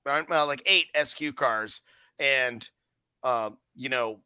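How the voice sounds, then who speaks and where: A man's voice: medium pitch, takes it slowly, smooth, no room sound. A man telling stories in a casual podcast chat, swearing freely and acting out what he and others said. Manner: profane, animated storyteller who acts out his own quotes.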